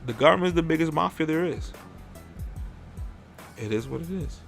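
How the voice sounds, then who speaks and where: A man's voice: on the high side, lively intonation, moderate pace, vocal fry, faint music behind. A man hosting a podcast in casual chat, rambling and swearing freely as he airs his opinions. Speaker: podcast host.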